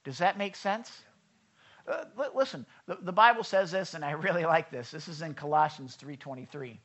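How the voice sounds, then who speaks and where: A man's voice: on the high side, normal speed, a bit bright, lo-fi sound. A man preaching a sermon at a church service, talking in a loose, conversational way and putting questions to the congregation. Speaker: pastor.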